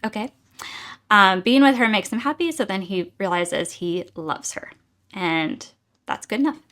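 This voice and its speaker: A woman's voice: mid-range voice, a little slow, a bit bright. A young adult woman giving a casual, exasperated book review, talking chattily with many fillers.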